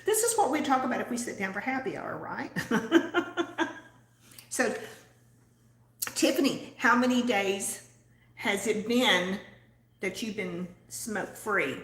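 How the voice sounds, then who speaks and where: A woman's voice: on the high side, animated, takes it slowly, pauses often, a bit bright. An older woman hosting a casual live chat with viewers, giggly and chatty as she reads out their comments. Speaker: host of a lifestyle channel for mature women. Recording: echoey room.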